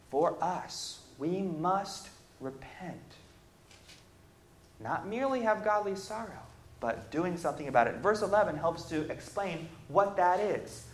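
A man preaching a Bible lesson, reading scripture aloud and then explaining it, building emphatic lists and pausing on fillers as he thinks. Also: high voice, a little hiss or hum. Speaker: preacher teaching on repentance. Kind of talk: Bible class sermon. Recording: echoey room.

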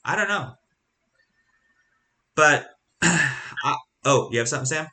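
A man leading a Bible study in a halting, conversational way, full of restarts and rhetorical questions. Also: fairly high pitch, animated, pushed and bright. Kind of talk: casual Bible teaching.

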